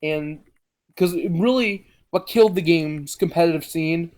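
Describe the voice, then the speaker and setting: A man's voice: a little high, unhurried, darkish tone. A young man hosting a podcast in casual gaming chat, rambling and restarting his sentences. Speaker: podcast host.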